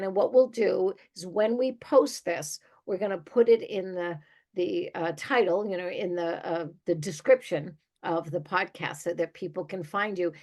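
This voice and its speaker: A woman hosting a podcast keeps the talk casual and chatty, full of warm enthusiasm. Her voice sits at a middle pitch for a woman. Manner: enthusiastic, chatty, laughs easily. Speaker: podcast host.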